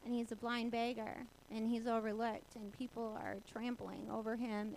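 A woman in her forties telling a personal faith story, animated and laughing often as she acts out the voices of people she quotes. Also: a little high, a little slow, a little hiss or hum, rough recording. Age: 40s.

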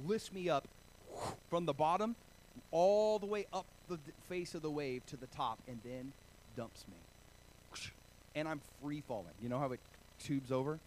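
A man from Oregon preaching a sermon, telling stories with animated, self-deprecating humor. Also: fairly high pitch, slight background noise, poor audio. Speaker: pastor.

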